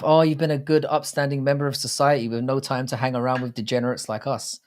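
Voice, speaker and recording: Speaking fast with a level, darkish, medium-pitched voice, a man in his thirties provides casual watchalong commentary on his livestream. He's blunt, profane, and rambling as he addresses chat.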